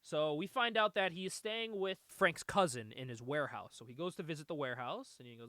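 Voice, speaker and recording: A man with a high, bright, sharp voice hosts a casual comic book chat. His pitch swoops up and down constantly as he talks. He laughs often and swears freely. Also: animated, fairly quick, no echo. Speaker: podcast host.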